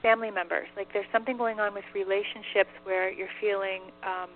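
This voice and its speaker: A woman's voice: medium pitch, steady tone, brisk, soft background music. Chatty woman on a tinny phone line. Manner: chatty, many fillers and "like". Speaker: medium. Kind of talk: casual chat relaying answers.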